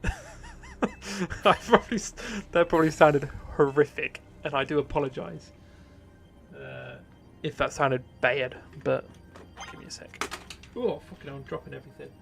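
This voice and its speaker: A young man chatting through his live game stream, loose and profane, quick to laugh at himself. His voice sits a bit high with a gravelly rasp. Faint game music hums underneath. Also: steady tone, a bit bright. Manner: swearing, self-mocking, laughs easily. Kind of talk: casual live game commentary.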